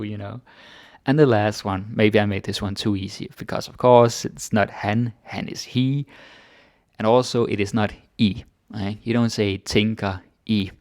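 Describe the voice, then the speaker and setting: Man, low gravelly voice, dry close sound, casual chatty teaching. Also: no room sound. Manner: relaxed, chatty, thinks aloud with fillers. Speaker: Danish language teacher. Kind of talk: casual grammar lesson.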